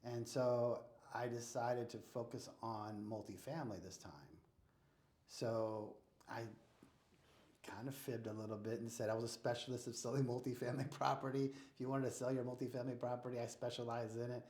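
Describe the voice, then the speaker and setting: At a moderate pace and medium pitch, an American man guesting in a casual interview, a real estate investor, tells animated stories and plays out the dialogue. The sound is echoey and roomy.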